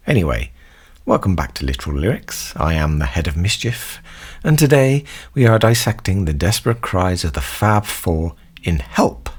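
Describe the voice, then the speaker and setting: A man's voice: low-pitched, slightly rough. A man delivering scripted, mock-serious comedic commentary as a host. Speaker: comedy song analysis host.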